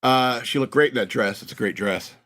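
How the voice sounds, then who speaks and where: A man's voice: mid-range voice, fairly quick, a bit bright. An American man hosting a radio show, talking in a rambling, mocking monologue and laughing at his own jokes. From United States. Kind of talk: casual comedic monologue.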